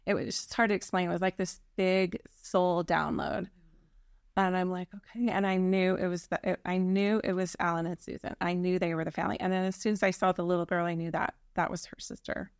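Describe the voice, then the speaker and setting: A woman's voice: lowish voice, flat delivery, brisk, vocal fry, clear, resonant tone, no room sound, clean studio sound. A woman telling her personal story in a candid conversation, earnest and reflective, often restarting her sentences. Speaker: birth mother guest.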